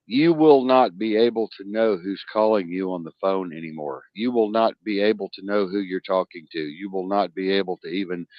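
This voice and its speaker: A man's voice: deep voice, no room sound, lo-fi sound. A man co-hosting a casual podcast, emphatic and preachy, repeating phrases for effect. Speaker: podcast co-host.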